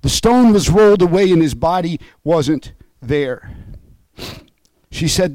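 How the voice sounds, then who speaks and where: A man's voice: fairly high pitch, animated, takes it slowly, a little mellow, no echo, poor audio. A man preaching an emotional, fervent sermon over an online call. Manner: emotional and fervent, voice rising and falling.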